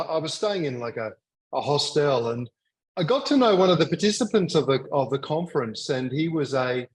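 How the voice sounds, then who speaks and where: A man with an Australian accent, speaking as a guest in a conversational interview, measured and thoughtful with some light humor. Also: medium pitch, a little mellow, low-quality recording. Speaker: guest, mission leader and teacher.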